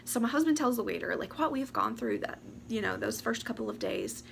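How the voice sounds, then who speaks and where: A woman, talking to camera about her year. She rambles, talks fast and fights back tears. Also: a little high, expressive, gravelly, slight background noise. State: teary, close to crying. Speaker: vlogger. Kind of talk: casual chat to camera. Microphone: camera or phone mic.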